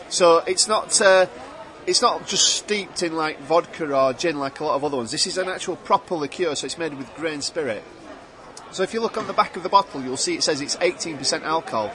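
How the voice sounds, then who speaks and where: Lively high-voiced man pitching. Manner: jokey, animated salesman patter. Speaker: drinks producer. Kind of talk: casual interview chat.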